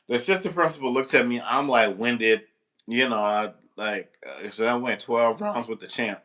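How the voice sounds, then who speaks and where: A man's voice: fairly low pitch, moderate pace, bright, forceful tone. A man working as a substitute teacher tells a story casually to the camera, rambling, restarting, and swearing freely.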